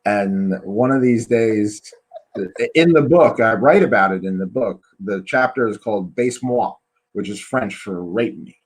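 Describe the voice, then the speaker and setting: Husky low-voiced man telling frank stories. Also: measured pace, poor audio. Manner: frank storytelling with many fillers. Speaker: podcast host. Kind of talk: casual interview chat.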